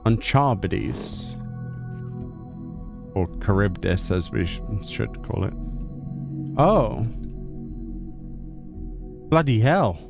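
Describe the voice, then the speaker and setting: A man's voice: on the low side, sing-song, extremely slow, vocal fry, long pauses, music in the background. A man giving casual commentary while streaming a game, with wry, self-mocking asides. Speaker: gameplay streamer. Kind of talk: casual let's-play commentary.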